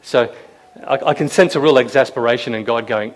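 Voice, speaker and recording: A man's voice: mid-range voice, fairly quick. Conversational male preacher. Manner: conversational, asks the room questions; acts out quoted lines with raised voice. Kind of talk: sermon. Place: room with a live audience.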